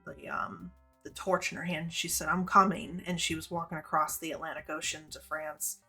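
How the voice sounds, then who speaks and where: Female streamer, 30s, low-set voice, profane and rambling gameplay chatter over soft game music. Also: flat delivery, normal speed, breathy edge. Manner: profane, rambling, candid storytelling. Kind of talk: casual gameplay commentary.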